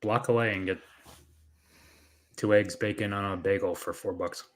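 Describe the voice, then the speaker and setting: A man's voice: lowish voice, fairly even intonation, fast talker. A man, a podcast co-host chatting casually and dropping dry, sardonic quips. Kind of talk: casual chat.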